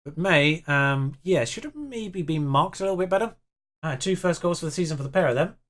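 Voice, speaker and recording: A young man on YouTube provides let's-play commentary on his own game, muttering along as the match unfolds in a chatty, self-mocking way. His voice sits on the high side and is expressive, fairly quick, and a little bright.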